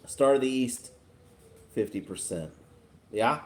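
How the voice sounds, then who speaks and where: A man from Texas hosting a casual livestream, chatting in a relaxed, chuckling, rambling way as he reads viewer comments. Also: mid-range voice, slow. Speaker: livestream host. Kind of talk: casual live chat reading viewer comments.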